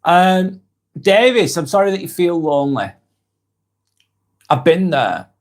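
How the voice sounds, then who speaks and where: A British man hosting a live stream, reading viewer comments aloud and answering them in a soft, sympathetic way with light laughs. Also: high-pitched, animated, measured pace.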